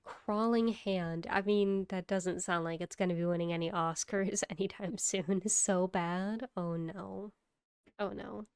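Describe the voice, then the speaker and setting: A woman's voice: fairly low pitch, fairly even intonation, a little slow, darkish tone, clear, resonant tone, no echo, studio quality. Sleepy, chatty woman streamer. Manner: chatty, yawning, laughs often, greets chat by name. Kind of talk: casual live-stream chat while gaming.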